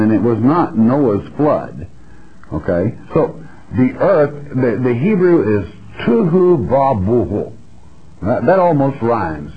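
A man giving a broadcast Bible teaching in a blunt, folksy, emphatic way. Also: mid-range voice. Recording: dull lo-fi broadcast audio.

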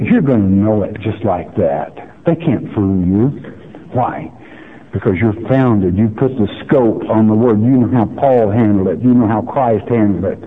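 Male radio Bible teacher: plain, unhurried, emphatic, tinny lo-fi broadcast. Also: medium pitch. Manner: folksy, emphatic, asks the listener questions. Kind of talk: sermon-style Bible teaching.

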